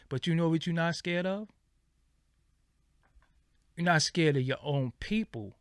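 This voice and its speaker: A man hosting a livestream, ranting casually in animated, profane street slang. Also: fairly high pitch, normal speed, no echo, clean studio sound. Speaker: livestream host.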